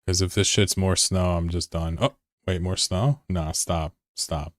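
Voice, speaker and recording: A man chatting casually on a live game stream, excitable and swearing freely as he answers chat between calls. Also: deep voice, unhurried, dry recording, clean studio sound.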